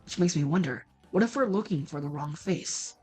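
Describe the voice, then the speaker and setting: A woman voicing a stern, driven male police detective in a video game, speaking curtly and gruffly. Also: sits low, expressive, moderate pace, dark tone, faint music behind, pitched below the performer's own voice. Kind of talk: reading a video game aloud.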